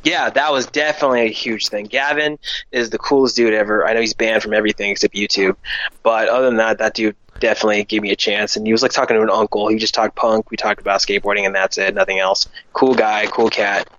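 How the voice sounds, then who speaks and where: A man's voice: lowish voice, little pitch movement, fairly bright tone, no room sound. A man speaking as a guest on a remote call, in a laid-back, casual way. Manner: laid-back, quick talker. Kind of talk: casual chat. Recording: dull lo-fi call line, faint noise.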